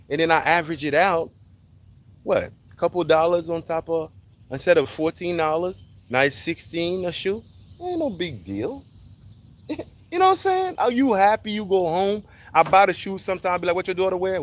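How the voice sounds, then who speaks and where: Animated slangy man telling stories. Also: a little high, a little hiss or hum. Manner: animated, slangy, acts out quoted voices. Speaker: storyteller. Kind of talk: casual storytelling.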